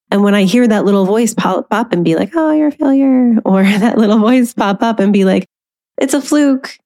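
A woman's voice: medium pitch, darkish tone. A woman in her thirties hosting a solo podcast, talking candidly and conversationally, now and then acting out her inner voice with a laugh. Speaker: podcast host.

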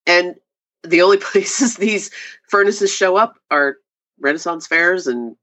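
A woman, a glass artist, telling stories in a casual interview and acting out quotes in a much higher voice. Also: measured pace. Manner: animated, acts out quoted voices with high pitch jumps. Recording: slightly dull lo-fi audio.

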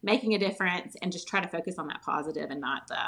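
A woman in her forties with a Southern US accent, a guest chatting casually on a podcast, animated and quick to laugh. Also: fairly low pitch, gravelly, noisy background. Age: 40s. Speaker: guest, holistic nutritionist.

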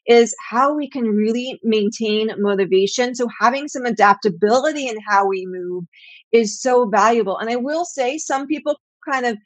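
A woman's voice: a little high, moderate pace, dry recording. Earnest woman explaining Pilates. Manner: earnest, explanatory, acts out quoted voices. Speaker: Pilates teacher and trainer. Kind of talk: conversational interview answers.

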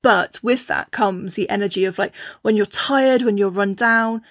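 A woman talks in a chatty, easygoing way, often restarting her sentences and slipping into lively voices when she quotes people. Her voice sits at a middle pitch, and the recording is dry and close with no room sound. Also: normal speed, no room sound. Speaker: podcast host. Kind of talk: casual spiritual talk.

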